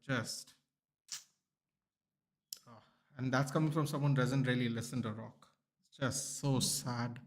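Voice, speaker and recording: Chatty young man streaming. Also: on the high side. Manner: chatty, reacting aloud to chat, many restarts and "bro", "dude". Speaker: streamer hosting a football watchalong. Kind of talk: casual live-stream chat reading viewer comments.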